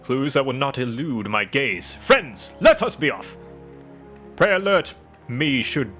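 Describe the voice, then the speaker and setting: A self-assured gentleman inspector from a fantasy game, as a man puts him on, pompous and flowery in every phrase. The voice drops a little lower and sounds grand. Faint music plays behind. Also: very animated, slow pace, exaggerated voice. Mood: grandiose. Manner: pompous, flowery formal diction. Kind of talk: reading game dialogue aloud in character.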